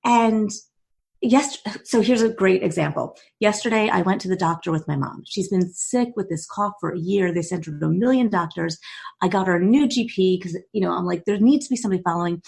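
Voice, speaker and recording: Woman, podcast guest, animated storytelling, quick bursts, restarts. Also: fairly low pitch, vocal fry. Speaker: guest, author and CEO. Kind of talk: conversational podcast interview.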